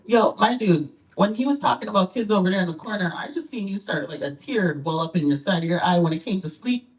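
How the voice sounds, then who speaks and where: A woman's voice: mid-range voice, expressive, fast, far from the mic. A woman hosting a comedy club night, doing playful crowd work and laughing often as she teases the audience. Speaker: comedy show emcee.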